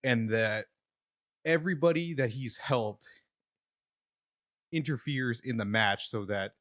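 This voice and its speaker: A man's voice: medium pitch, slow pace, fairly bright tone, no echo, clean studio sound. A man co-hosting a casual wrestling podcast, out of breath and thinking aloud with casual swearing. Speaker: podcast co-host. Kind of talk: casual chat about wrestling.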